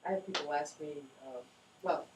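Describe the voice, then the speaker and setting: A man's voice: a little high, moderate pace, slight background noise. A man guest chatting casually and telling an upbeat story. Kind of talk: casual chat. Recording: echoey room, mic far off.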